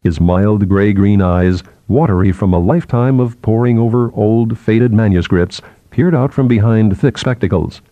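A man narrating a novel in a measured, expressive way. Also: fairly low pitch, no room sound, lo-fi sound. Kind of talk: scripted audiobook narration.

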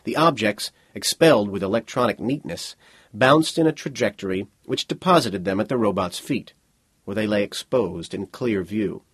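Low, husky male storyteller. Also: expressive, normal speed, a bit bright. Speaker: audiobook narrator. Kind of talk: scripted narration of a science fiction story.

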